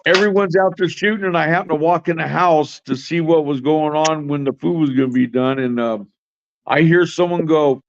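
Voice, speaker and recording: A man with a fairly high voice tells a brash, swearing story, laughing often and playing out both sides of a quarrel. The sound is dry and a little dull. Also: brisk, dry recording. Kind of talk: casual storytelling chat. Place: home, in Oregon.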